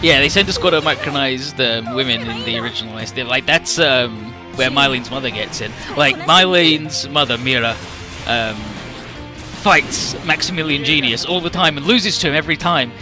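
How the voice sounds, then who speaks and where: A man's voice: mid-range voice, normal speed. A young man streaming a game, rambling casually and profanely about the story over game music. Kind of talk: casual gaming commentary.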